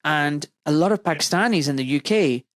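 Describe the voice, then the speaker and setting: A man from Scotland who is a doctor, hosting a podcast in a blunt, animated way, full of asides and quoted voices. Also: a little high, a little fast, no echo. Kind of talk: casual opinionated podcast talk.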